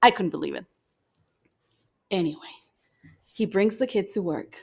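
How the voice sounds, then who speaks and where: Lively young woman telling a story. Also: mid-range voice, unhurried, creaky, breathy edge. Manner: animated storyteller, acts out quotes. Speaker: podcast co-host. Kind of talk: casual chat, storytelling.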